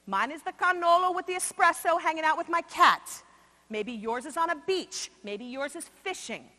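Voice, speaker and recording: A high-voiced woman from New York delivers a motivational keynote to a conference crowd. She swings from loud, punchy emphasis to slow, hushed asides. Her voice rings with a long reverb in a large hall. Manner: expressive, shifts between loud emphasis and quiet slow asides. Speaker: conference speaker.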